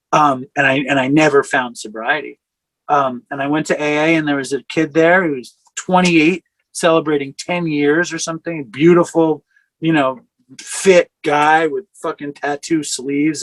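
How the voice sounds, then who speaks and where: Man, forties, raised pitch, dry close sound, candid storytelling, rambling with fillers, video call. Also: a bit bright, no room sound, rough recording. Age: 40s. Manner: rambling, self-correcting, with frequent fillers. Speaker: speaker sharing a recovery story.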